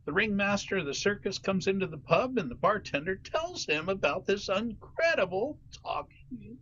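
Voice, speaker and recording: A man's voice: high voice, moderate pace, a little hiss or hum. A man telling a joke at a club meeting over a video call, laughing as he goes. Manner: laughing, animated storytelling. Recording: dull lo-fi video call audio.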